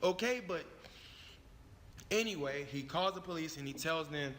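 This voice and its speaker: A man's voice: a little high, expressive, moderate pace, fairly bright tone, slight background noise. A young man telling his own story in a heated, profane, emphatic way. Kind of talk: animated storytelling. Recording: long reverb on the voice.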